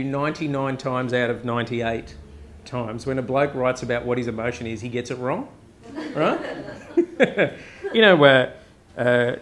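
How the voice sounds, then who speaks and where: A man with an Australian accent preaching a casual, joking sermon at a live chapel service, often tossing in a quick "right?" to the crowd. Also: mid-range voice, slight background noise. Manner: conversational, joking, frequent "right?" asides. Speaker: pastor.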